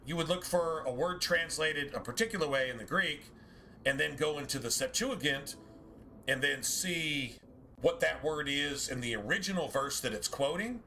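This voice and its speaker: A game streamer, a man with a bright, forceful voice, rambles through a casual chat with his viewers. He muses aloud, corrects himself often and drops the odd swear word, with a faint hiss of noise behind him. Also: on the high side.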